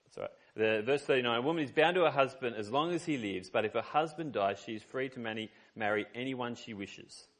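Aussie pastor guy preaching, chatty and earnest, tells stories, average pitch voice. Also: quick pace, few pauses. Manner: conversational, storytelling, earnest. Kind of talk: sermon.

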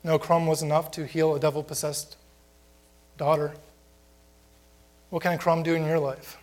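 A man's voice: fairly high pitch, little pitch movement, moderate pace. A man preaching a sermon to a congregation in a plain conversational way, often asking rhetorical questions. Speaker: pastor.

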